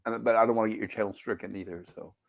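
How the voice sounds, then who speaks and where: A man's voice: lowish voice, steady tone, rapid-fire, gravelly, muffled recording. A man chatting casually on a game stream, rambling, with many restarts and asides, reading out viewer comments.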